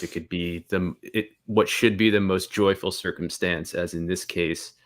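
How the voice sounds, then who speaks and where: Male co-host, very deep and steady, dry close sound, firm and pointed. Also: dry recording. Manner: measured, firm, accusatory. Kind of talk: political commentary.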